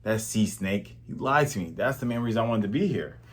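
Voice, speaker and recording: A man voicing a stoic, determined young male swordsman who speaks low and quietly. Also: animated, fairly quick, husky. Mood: resolute.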